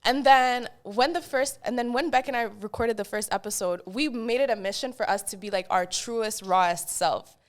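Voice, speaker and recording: A woman's voice: fairly high pitch, normal speed. A young woman telling stories in a casual podcast chat, switching between English and French with lots of laughter. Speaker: podcast guest.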